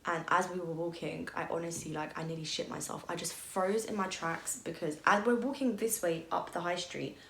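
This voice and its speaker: Young woman, vlogger, candid emotional storytelling, slightly low voice, roomy echo. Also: fairly even intonation, normal speed, creaky, few pauses, a bit bright, slight background noise. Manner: candid, emotional retelling with frequent "like" and swearing. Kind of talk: storytime vlog. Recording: echoey room.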